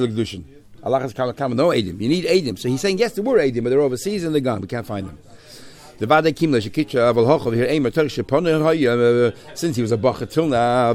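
Fast-talking man teaching Talmud. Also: mid-range voice, darkish tone. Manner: rapid explaining, quoting Aramaic and glossing in English. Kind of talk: Talmud class lecture.

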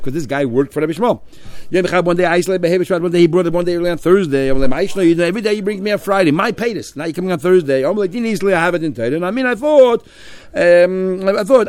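A man teaching a Talmud class, quickly translating Aramaic phrase by phrase. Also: a little high, darkish tone.

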